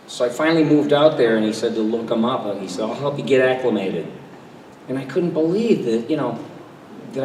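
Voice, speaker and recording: An older man, a voice actor on a convention panel, telling animated anecdotes and slipping into quoted voices. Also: mid-range voice, slight background noise. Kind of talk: storytelling at a fan panel. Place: large convention hall. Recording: echoey convention hall mic from a distance.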